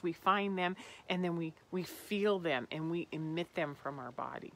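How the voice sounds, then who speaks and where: A woman's voice: fairly low pitch, steady tone, normal speed, fairly bright tone. A woman hosting a spiritual self-help talk, earnest and reflective, often falling to a whisper on tender phrases. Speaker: podcast host.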